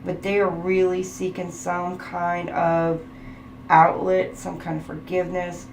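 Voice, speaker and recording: A lowish female voice with vocal fry and a level tone delivers a casual tarot reading a little slowly. Between chatter and frequent laughs, she lists off the keywords for each card. The sound is roomy, with a bit of background noise.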